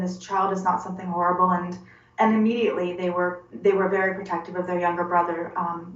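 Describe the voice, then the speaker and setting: Halting, earnest woman in her forties. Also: mid-range voice. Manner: halting and earnest, repeating words as she searches. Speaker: interview guest. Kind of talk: personal testimony interview. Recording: roomy, distant and dull-sounding.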